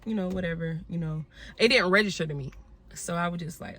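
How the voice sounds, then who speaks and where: A woman's voice: lowish voice, brisk, sharp tone. A young woman telling a personal story to her viewers in a candid, conversational way, often speaking to them directly as y'all. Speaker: vlogger.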